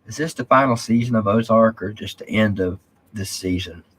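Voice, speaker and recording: A man with a drawl hosts a casual live stream, chatting loosely and answering viewer comments as he goes. His voice sits on the low side and carries a husky, slightly breathy edge. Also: moderate pace, a bit bright. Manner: rambling, drawling, reads viewer comments aloud. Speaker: live stream host reading chat.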